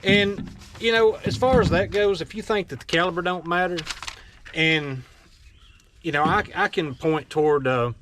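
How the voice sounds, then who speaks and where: A man's voice: high voice, normal speed, fairly bright tone, a little hiss or hum. A man, blunt and scolding as he rants to his audience with folksy, mocking asides. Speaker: firearms vlogger. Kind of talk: opinionated rant to camera.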